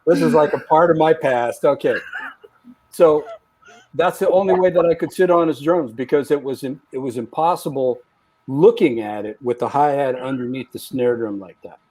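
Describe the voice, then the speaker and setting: A man speaking as a guest drummer in a casual panel chat, telling relaxed stories with lots of "you know". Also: medium pitch, moderate pace. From San Francisco Bay Area.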